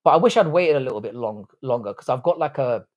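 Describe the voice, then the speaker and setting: A man's voice: medium pitch, lively intonation, fast talker, dull audio. A man hosting a casual live stream, reading chat comments, talking bluntly with frequent swearing and rambling restarts. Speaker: livestream host.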